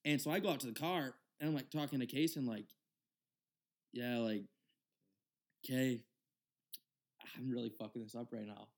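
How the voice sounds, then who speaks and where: A man in his twenties casually telling a long story on a podcast, rambling and animated, acting out the other people's lines. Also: mid-range voice, normal speed, long pauses. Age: 20s. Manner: rambling, animated retelling with quoted dialogue. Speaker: podcast host.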